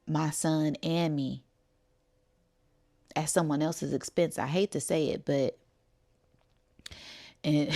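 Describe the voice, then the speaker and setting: A woman's voice: low-pitched, a little mellow. A woman casually telling a story to her viewers, acting out the dialogue and laughing often. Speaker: spiritual channel host.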